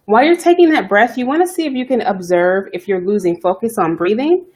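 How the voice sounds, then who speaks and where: A woman hosting a self-care live stream, talking fast and chatty, greeting viewers by name as she coaches. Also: medium pitch, expressive, a little mellow. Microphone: webcam or phone live stream.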